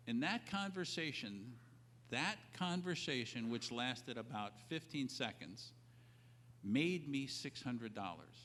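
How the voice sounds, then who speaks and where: A man giving animated business advice, stressing key points over and over and acting out both sides of a deal. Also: mid-range voice. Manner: emphatic, repeats key points. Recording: reverberant old audio recording.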